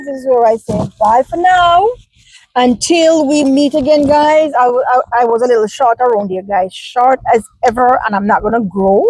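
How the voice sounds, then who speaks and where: A woman's voice: high-pitched, darkish tone, poor audio. A woman from Jamaica with a Jamaican accent, talking casually and animatedly to her viewers as a vlogger, answering their comments.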